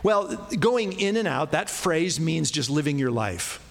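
A man's voice: fairly high pitch, sing-song, measured pace, gravelly. Conversational male pastor, emphatic sermon. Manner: conversational, self-deprecating, emphatic on scripture quotes.

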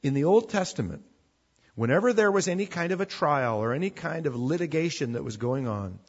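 A man's voice: on the high side, animated, a little fast, slightly rough, lo-fi sound. A man preaching a conversational sermon as a pastor, often restarting his words as he explains. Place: church with a projector.

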